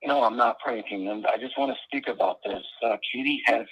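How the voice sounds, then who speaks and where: A man's voice: mid-range voice, brisk, breathy edge. A man calling into a live stream who sounds hesitant and gets defensive. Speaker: caller. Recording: dry, dull phone line.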